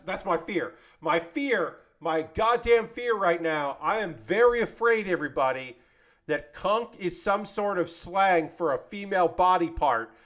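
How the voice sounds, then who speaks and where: A man chatting casually with his live-stream audience while building a model kit, rambling and joking as he goes. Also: on the high side. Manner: rambling, animated, jokey, talks to chat.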